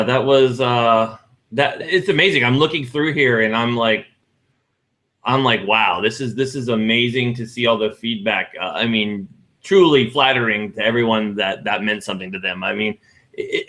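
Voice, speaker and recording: Bright, rambling male podcast co-host. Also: mid-range voice. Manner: rambling, restarts and self-corrections. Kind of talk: casual chat.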